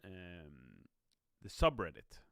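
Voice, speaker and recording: A man's voice: low voice, sing-song, takes it slowly, a bit bright, clean tone, no echo, studio quality. A tired, yawning man chatting upbeat on a live stream as a game community manager, reading viewer comments aloud. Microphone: streaming mic.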